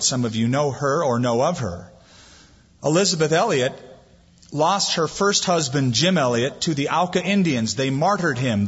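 A man's voice: mid-range voice, slightly rough. A man preaching a sermon as pastor, building emphasis and reading scripture aloud. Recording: dull lo-fi sound with long hall reverb.

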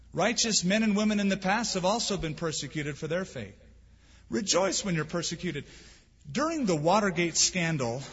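A man's voice: on the high side, fairly bright tone, slightly rough. A man preaching a sermon as pastor, earnest and emphatic, with rhetorical questions. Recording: dull lo-fi sound with long hall reverb.

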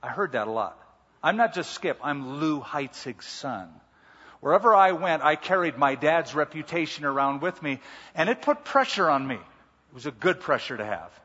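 Husky man preaching in a big hall. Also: on the high side, lively intonation, normal speed, bright, forceful tone. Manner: emphatic, repeats key words. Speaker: pastor. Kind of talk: sermon. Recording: muffled hall reverb.

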